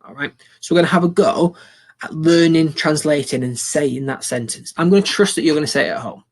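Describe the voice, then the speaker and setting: A man's voice: fairly high pitch, a little fast, breathy edge. A young man teaching a recorded school lesson, upbeat and encouraging, repeating phrases for learners to copy.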